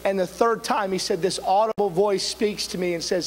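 Preacher guy, voice way up high, fervent storytelling that climbs into shouting. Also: fairly even intonation, moderate pace, a little hiss or hum, rough recording. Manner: fervent, dramatic retelling, rising to shouts. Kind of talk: revival sermon storytelling. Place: church sanctuary.

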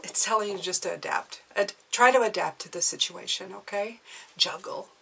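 A woman's voice: medium pitch, fairly quick, vocal fry, sharp tone, far from the mic, slight background noise, rough recording. A woman giving an intuitive tarot reading to viewers, chatty and encouraging, often checking in with "okay?". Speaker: tarot reader.

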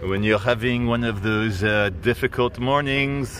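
A man filming a street vlog on his phone, muttering wry asides and turning loud and defiant when confronted. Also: mid-range voice, normal speed, slight background noise. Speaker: vlogger filming in public. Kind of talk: handheld street vlog commentary. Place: outdoors on a city street. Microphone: handheld phone camera.

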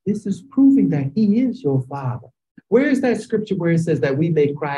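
A woman with a Chicago accent leading a Bible class over a video call, quizzing students with questions and drawn-out emphasis, sometimes rising to shouts. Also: low-pitched, big pitch swings, muffled recording.

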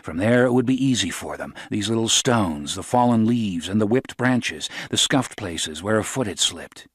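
A man reading a novel aloud in measured, steady audiobook narration. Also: fairly low pitch, husky, no echo, clean studio sound. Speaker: audiobook reader.

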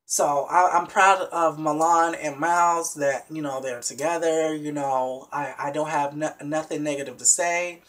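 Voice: mid-range voice, fairly even intonation, a little slow, hardly any pauses, a bit bright. Chatty reality show recap vlogger. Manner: chatty, emphatic, addresses viewers as y'all, many restarts. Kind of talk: casual spoken recap to viewers.

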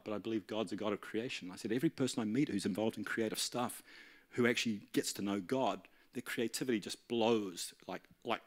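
Man telling a sermon story. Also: fairly low pitch. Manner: animated storyteller, acting out dialogue. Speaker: pastor. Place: church.

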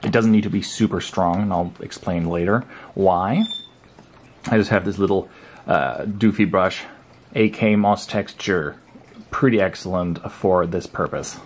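A man narrating a casual hobby crafting tutorial at home in a relaxed, chatty way, with frequent fillers. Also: deep voice, unhurried. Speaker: crafting vlogger.

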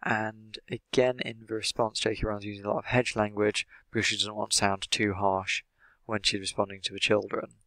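A man with an English accent, an English teacher explaining the language of an interview in a measured way, with many "sort of" fillers. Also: on the low side, little pitch movement, bright, forceful tone, no echo. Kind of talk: explanatory lesson analysing an interview.

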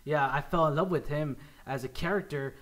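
A man's voice: on the high side, brisk, a bit bright. A young man hosting a casual movie review chat, upbeat and rambling with many restarts. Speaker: podcast host.

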